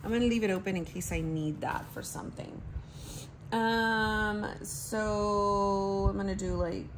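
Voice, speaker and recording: A woman's voice: fairly low pitch, gravelly, background noise. A woman, chatting casually to viewers and to herself as she fills in her planner. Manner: chatty, talks to herself while writing. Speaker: planner vlogger.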